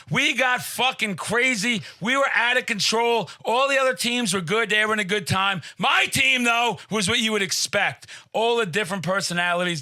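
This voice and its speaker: A man hosting a podcast, telling profane comedic stories in a brash, boastful way, often yelling. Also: sits high. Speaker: podcast host.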